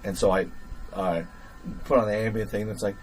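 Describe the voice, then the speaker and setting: A man with a fairly low, steady, slightly mellow voice hosts a livestream at a moderate pace, musing aloud as he tinkers with gear. His casual, rambling talk is packed with fillers, and he chuckles at himself. The recording is low quality, with slight background noise.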